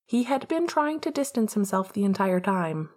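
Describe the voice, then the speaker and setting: A woman reading a story aloud as a podfic narrator, soft and measured. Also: medium pitch, big pitch swings. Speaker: podfic reader.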